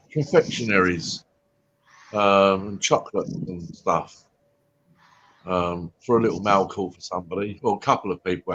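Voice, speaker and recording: A man's voice: sits low, fairly bright tone, slightly rough. A man chatting as a guest on a call, hesitant and full of ums. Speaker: guest on a chat stream. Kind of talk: casual chat. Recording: dull lo-fi online call audio.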